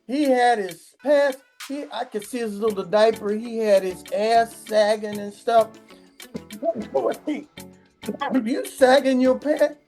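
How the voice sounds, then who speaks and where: A woman's voice: a little high, takes it slowly, dark tone, faint music behind. A woman vlogger delivering a profane comedic rant, swearing constantly and acting out the people she complains about. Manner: crude, swearing, acts out quoted voices.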